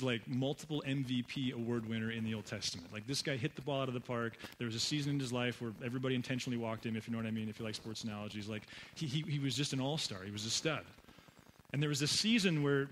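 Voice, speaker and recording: A man's voice: mid-range voice, a bit bright, slight background noise, low-quality recording. A man preaching a sermon as pastor, conversational and humorous, voicing playful asides.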